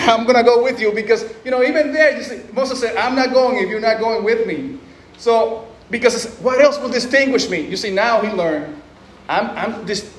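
Man preacher, high voice, casual acted-out quotes, roomy hall echo. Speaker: pastor. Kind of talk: sermon. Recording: echoey room, faint noise.

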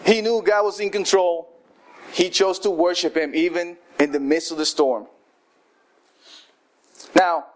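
A man preaching a sermon, telling the story lively and acting out what the people in it say. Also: high-pitched. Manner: animated storytelling, acting out quoted voices.

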